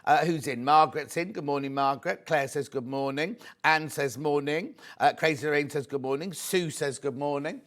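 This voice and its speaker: Speaking at a normal speed with few pauses, a man presents on a shopping channel, his voice a little high for a man. He keeps the patter bright and chatty, naming viewers and repeatedly urging them to order before supplies run out.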